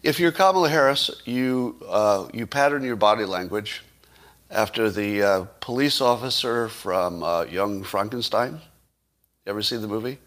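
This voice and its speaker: A man's voice: on the low side, normal speed, fairly bright tone. A man giving casual livestream commentary, sarcastic, asking rhetorical questions and tossing dry asides. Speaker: political commentator.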